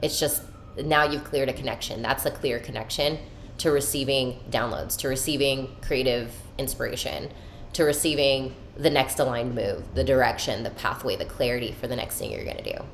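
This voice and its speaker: A woman's voice: rumbling low, normal speed, gravelly, slight background noise. A woman hosting a podcast, talking candidly and emotionally about her inner life, swearing freely and using spiritual self-help language. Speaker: podcast host. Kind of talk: candid personal monologue.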